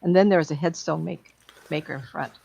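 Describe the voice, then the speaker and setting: A woman's voice: low-pitched, fairly quick, vocal fry, warm tone, dull audio. A woman psychic medium telling chatty, rambling stories and acting out the voices of the people in them. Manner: chatty, laughing, acts out quoted voices. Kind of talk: rambling anecdotal storytelling.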